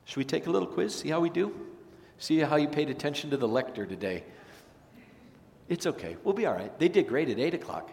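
A man preaching a sermon as pastor, animated, swinging from loud, energetic lines to hushed ones. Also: fairly high pitch, fairly quick, vocal fry. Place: church sanctuary. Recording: long reverb of a church sanctuary.

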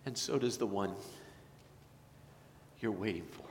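A man's voice: lowish voice, a little slow. A man preaching a sermon as a pastor, in an earnest, tender way. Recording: echoey church hall, faint noise.

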